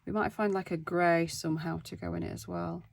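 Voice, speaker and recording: A woman's voice: on the low side, fairly even intonation, fairly quick, creaky. A woman in her thirties, chatting casually and self-deprecatingly to viewers as she works on a craft project at home. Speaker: craft vlogger. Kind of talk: casual craft-along chat.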